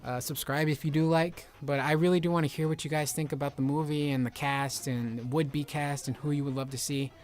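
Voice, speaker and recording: A man hosting casual game commentary, rambling excitedly with lots of filler words. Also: on the high side, brisk, hardly any pauses. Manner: rambling, excitable, heavy use of "like". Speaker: video game reviewer.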